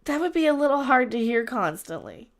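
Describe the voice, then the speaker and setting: Chatty woman streamer, slightly high voice. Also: big pitch swings, fairly quick, heavy background noise. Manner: rambling, chatty, trails off and restarts. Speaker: livestream host. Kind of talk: casual livestream chat.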